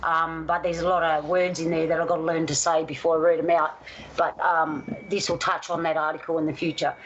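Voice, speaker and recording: A woman from Australia telling a personal story in a casual, animated way, acting out the voices of the people in it. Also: deep voice, brisk, dull audio, slight background noise. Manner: animated, acts out voices in stories. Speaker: guest storyteller.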